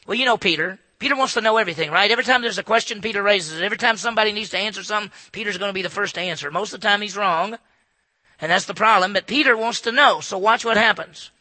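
A man preaching an expository sermon in an animated way, acting out asides in hushed voices. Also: high voice, racing, no echo. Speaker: pastor.

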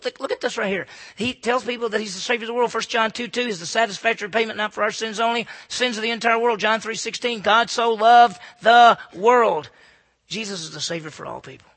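Male pastor, sermon delivery, gravelly husky voice, swings between loud and hushed. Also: sits high. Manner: impassioned, swinging from loud calls to hushed near-whispers.

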